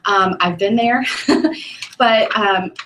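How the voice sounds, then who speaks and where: A woman's voice: medium pitch, slow pace, background noise. A woman giving an earnest personal testimony at a sales meeting, hesitant and full of ums, recorded from a distance. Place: meeting room, speaking up front. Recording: echoey room from a distant mic.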